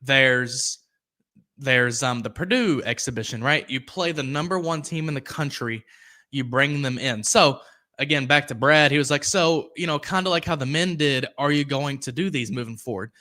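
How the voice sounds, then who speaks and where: Bright-voiced young man rambling about sports. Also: on the high side, moderate pace. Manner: rambling, reads viewer comments aloud, goes off on tangents. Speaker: sports podcast host. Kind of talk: casual live-stream commentary.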